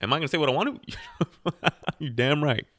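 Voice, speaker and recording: A man's voice: on the high side, normal speed, fairly bright tone, no echo, studio quality. A man hosting his own podcast, speaking in a casual, opinionated monologue full of rhetorical questions and self-amused laughs. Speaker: podcast host.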